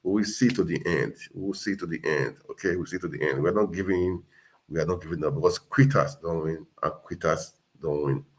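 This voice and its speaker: Speaking low and brisk, a man from Nigeria runs a casual livestream where he exhorts his audience. His manner is earnest, and he says things over and over to push viewers forward.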